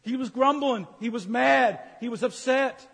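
A man's voice: very high-pitched, unhurried, gravelly, slightly rough. A man preaching a humorous sermon, teasing the congregation and acting out grumbling complaints. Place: church sanctuary. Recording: reverberant church hall.

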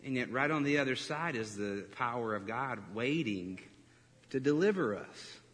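A man preaching a sermon as pastor, animated and storytelling, breaking into laughs and acting out quotes. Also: medium pitch, normal speed. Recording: reverberant hall.

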